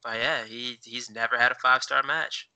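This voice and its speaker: A man's voice: mid-range voice, fairly even intonation, normal speed, sharp tone, smooth, rough recording. A man co-hosting a podcast in casual chat, rambling with many fillers as he looks things up while talking. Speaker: podcast co-host.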